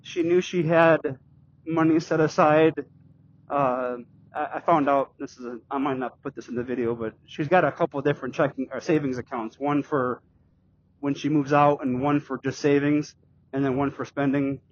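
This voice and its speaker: A middle-aged man vlogging while riding a bike, telling a personal story in a halting, rambling way with many restarts and fillers. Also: mid-range voice, fairly even intonation, muffled recording. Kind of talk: casual storytelling vlog. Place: outdoors on a bike.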